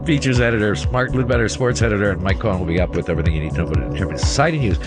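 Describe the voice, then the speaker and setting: Man, radio host, lively, quick, stumbling, music in background. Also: lowish voice. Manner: animated, stumbling. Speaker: radio show host, newspaper editor. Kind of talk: casual radio chat.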